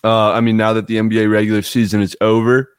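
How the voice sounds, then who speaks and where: Casting: male betting-show co-host, lowish voice, blunt and profane, dry close sound. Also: completely flat delivery, fast, clean tone, no room sound. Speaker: podcast co-host. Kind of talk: casual sports betting chat.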